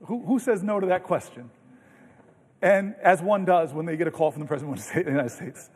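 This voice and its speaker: On the chamber floor, a high-voiced senator talks a little fast through a long, unscripted speech, animated and earnest, restarting sentences as he shares his stories. His voice echoes with the long reverb of the large legislative hall, recorded by a podium mic.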